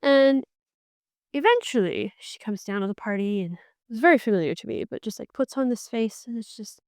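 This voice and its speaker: Chatty woman with a smooth, bright voice. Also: fairly high pitch, moderate pace, no room sound, clean studio sound. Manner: chatty, animated, slips into characters' lines. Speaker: book podcast host. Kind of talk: casual book recap.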